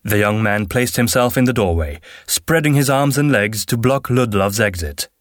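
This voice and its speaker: A man narrating a fantasy audiobook in a steady, measured way. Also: mid-range voice, dry recording, studio quality. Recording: narration with faint background music.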